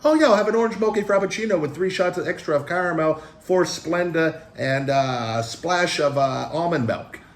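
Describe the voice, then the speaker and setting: A man's voice: fairly high pitch, moderate pace, few pauses, roomy sound, recorded from a distance, voice pushed up, lightly acted. Man mimicking a fussy coffee-ordering woman. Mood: prissy.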